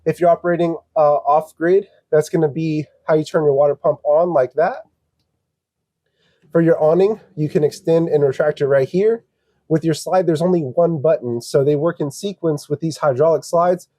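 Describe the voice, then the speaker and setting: A man from an RV dealership walking viewers through a trailer, explaining each control in a steady, practical, step-by-step way. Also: a little high, moderate pace, no room sound. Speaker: RV dealership salesperson giving a walkthrough. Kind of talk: casual walkthrough demonstration. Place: outdoors around an RV, then inside it.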